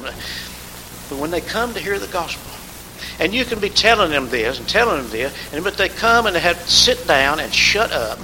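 A man's voice: fairly high pitch, sharp tone. A man preaching a sermon, rising to emphatic call-and-response and calling on congregation members by name. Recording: hissy recording in a reverberant hall.

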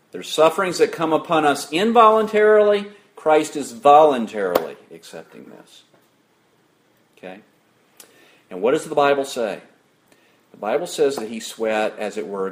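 A man preaching a sermon, asking his listeners questions and answering them himself, and reading scripture aloud with rising emphasis. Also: mid-range voice.

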